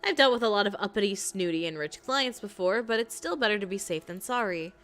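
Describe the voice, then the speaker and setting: An American woman streamer reading a visual novel aloud and chatting in an animated, jokey way, often laughing. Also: mid-range voice, a little fast.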